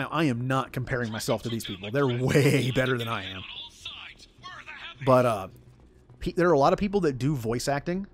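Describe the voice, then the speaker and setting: A man's voice: medium pitch, slight background noise. A man chatting casually over gameplay, rambling and poking fun at himself. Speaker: gaming streamer. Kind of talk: casual let's-play commentary.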